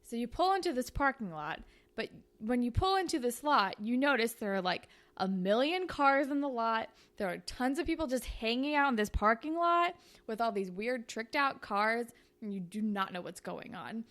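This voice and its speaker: A woman's voice: a little high, expressive, normal speed, a bit bright. A woman hosting a podcast, telling a story in a chatty, casual way full of "like" fillers. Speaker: podcast host.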